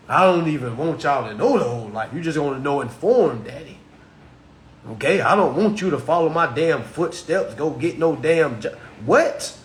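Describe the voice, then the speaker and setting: A man's voice: high voice, fairly bright tone, echoey room. A man in his thirties giving blunt, mocking talk on contracts, slipping into voices for imagined phone calls. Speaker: consumer finance commentator. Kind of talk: animated solo commentary.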